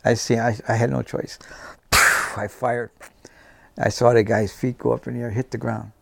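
A man's voice: medium pitch, little pitch movement, moderate pace, creaky, a little mellow, no room sound. A man in his seventies, a veteran guest, vividly recounting war memories and acting out the dialogue. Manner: vivid storyteller, acts out dialogue. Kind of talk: personal war storytelling.

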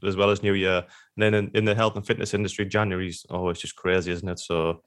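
A man with a fairly low voice co-hosts a relaxed podcast chat. He speaks in an easygoing way, often tossing in tag questions and fillers. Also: fast. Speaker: podcast co-host. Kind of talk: casual chat.

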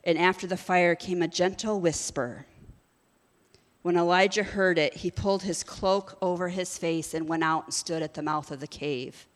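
A woman's voice: on the low side, fairly even intonation, normal speed, in a large hall. Woman preaching with joking asides. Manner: casual, joking asides between scripture reading. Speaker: pastor. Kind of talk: sermon.

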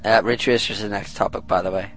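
A man's voice: on the low side, fairly even intonation, quick pace, music in the background. A man co-hosting a retro gaming podcast, teasing and laughing often in casual chat. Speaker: podcast co-host.

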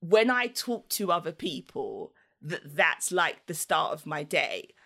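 A woman chats easily as a podcast guest, her voice sitting a little low. She tells her story casually and laughs often. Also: very animated, unhurried, bright, forceful tone, breathy edge. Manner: chatty, laughs often, acts out voices in anecdotes.

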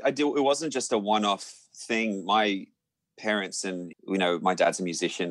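A young Australian man, a musician, telling a lively anecdote in a casual interview, full of fillers and restarts. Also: low voice, dry recording. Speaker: musician guest.

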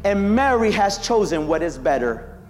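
A man preaching a sermon, animated and playful, acting out biblical voices for the congregation. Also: sits high, normal speed, long reverb tail, some chatter behind.

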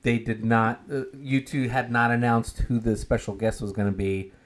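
A man's voice: mid-range voice, level tone, moderate pace. A man co-hosting a casual podcast chat, talking hesitantly with frequent restarts. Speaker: podcast co-host.

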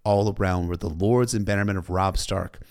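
Dude casually recapping a story, kinda low voice, swears a lot. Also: male voice, fairly even intonation, brisk, darkish tone. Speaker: book recap narrator.

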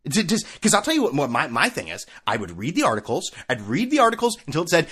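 A man's voice: fairly high pitch, huge pitch swings, quick pace, fairly bright tone, slightly rough. A man ranting in a solo talk show, sarcastic and profane, firing off rhetorical questions. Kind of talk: solo opinion rant.

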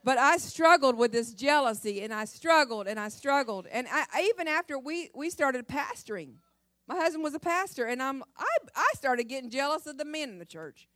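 Woman, middle-aged, humorous testimony sermon, animated, laughing often, higher voice, dry. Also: a little fast, no room sound. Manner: animated storytelling, acting out her own cries and laughing often. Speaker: pastor's wife and speaker.

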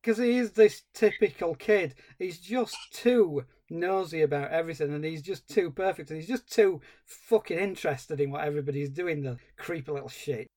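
A man's voice: fairly high pitch, moderate pace, few pauses, a little mellow. A man, co-hosting a film podcast in casual chat, ranting comically and swearing. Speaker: podcast co-host.

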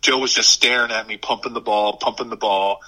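A man in his fifties with a lowish, hard-edged, forceful voice, spinning lively stories from his playing days. He talks casually, with lots of "you know" fillers and restarts, warming to every anecdote. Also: brisk, rough recording. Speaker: former football tight end, guest. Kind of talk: casual interview storytelling.

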